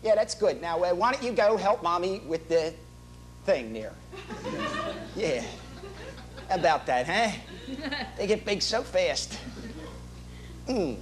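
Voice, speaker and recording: Taking it slowly with long pauses, a theater performer in a one-man show voices a chatty, boastful working-class father, rambling in street slang and bad grammar for comic effect. His voice is high, with lively intonation.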